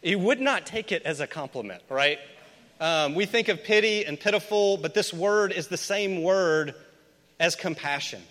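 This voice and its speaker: A man's voice: high-pitched, normal speed, a bit bright. A man from Memphis preaching a conversational sermon as a pastor, chatting with the congregation and putting questions to them. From Memphis, USA. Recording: long reverb of a large hall.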